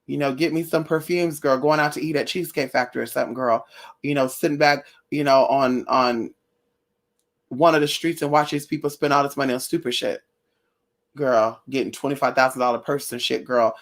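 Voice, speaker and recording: A young woman vlogging in a casual chat with her viewers, blunt and profane, telling animated stories. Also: rumbling low, fairly quick. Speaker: spiritual vlogger.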